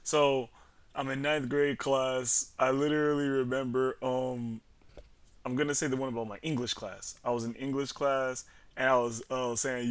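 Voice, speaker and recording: A man's voice: mid-range voice, level tone, moderate pace, clear, resonant tone, dry recording. A young man telling a story in a casual, rambling way, slangy and profane with lots of fillers. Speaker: vlogger.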